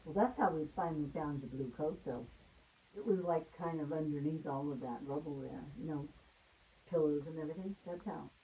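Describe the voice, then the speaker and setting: A woman's voice: sits low, fairly quick, warm tone. An older woman and mother in casual family chat at home, rambling and repeating herself. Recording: dull lo-fi home recording.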